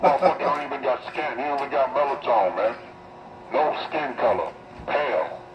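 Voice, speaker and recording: A man's voice: medium pitch, moderate pace. A man on CB radio trash-talking other drivers in a profane, mocking way. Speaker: trucker on CB radio. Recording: muffled, noisy CB radio in a truck.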